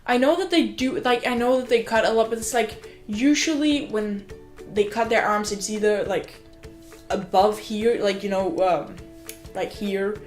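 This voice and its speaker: A young woman, a student, chatting casually in a vlog at home, excitable and gushing, swearing and filling her talk with "like". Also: mid-range voice, a little slow. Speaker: student vlogger. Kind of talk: casual rambling vlog chat. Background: faint music from another room.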